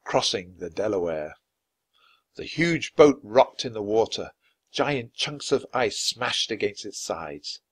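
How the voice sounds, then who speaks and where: A man reading a children's chapter book aloud clearly and expressively for language learners. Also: fairly low pitch, animated, takes it slowly, dry recording. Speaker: storybook reader.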